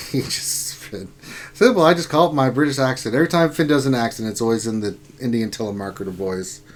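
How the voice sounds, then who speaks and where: A man's voice: mid-range voice, brisk. A man hosting a casual gaming livestream, joking around, laughing often and reading out viewer comments. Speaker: livestream host reading chat.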